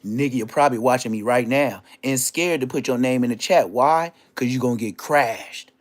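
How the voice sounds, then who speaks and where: A man hosting a livestream, delivering a heated, taunting, profane rant at a rival. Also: moderate pace. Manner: swings between low growls and high yelps. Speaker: livestream host. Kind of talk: ranting livestream monologue.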